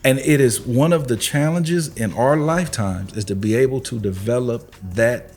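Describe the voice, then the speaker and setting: A man's voice: medium pitch, moderate pace, a little mellow. A man co-hosting a podcast, making emphatic, preachy points in casual chat. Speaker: podcast co-host.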